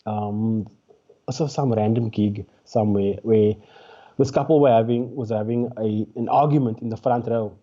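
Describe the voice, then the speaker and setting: A man's voice: lowish voice, moderate pace, dull audio. Man telling a gig story. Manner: animated storyteller with frequent fillers and restarts. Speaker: guest comedian. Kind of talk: casual interview storytelling. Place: remote call during lockdown.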